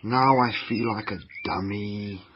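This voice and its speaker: A man's voice: lowish voice, unhurried, slight background noise, close to an everyday voice. A man voicing a whiny, easily led young schoolboy in a children's radio drama, with a slightly dull lo-fi sound. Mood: sulky. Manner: whiny, sulky complaining.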